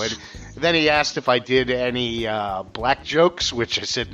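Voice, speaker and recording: A man's voice: medium pitch, moderate pace, a bit bright. A man co-hosting a casual podcast chat, a comedian who tells self-deprecating stories with a joking manner. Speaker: co-host, comedian. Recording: dull lo-fi audio with faint music.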